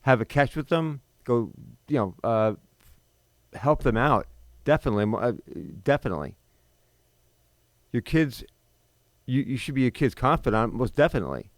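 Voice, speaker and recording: A man's voice: medium pitch, lively intonation, moderate pace, no room sound. A man in his fifties hosting a talk show, delivering an unscripted, indignant monologue full of rhetorical questions and restarts. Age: 50s. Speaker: podcast host.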